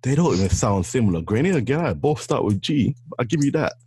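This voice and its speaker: A young man, chatting casually with a friend, animated and teasing, laughing often. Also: medium pitch, fast talker, breathy edge, no echo. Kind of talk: casual chat.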